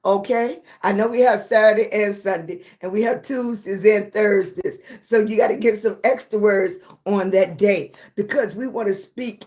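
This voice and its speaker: A woman hosting a casual livestream chat with viewers. Her voice is slightly raspy, and she talks slowly and affectionately, sometimes short of breath. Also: medium pitch, a little mellow. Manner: slow, breathy, affectionate, calls viewers baby. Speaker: livestream host.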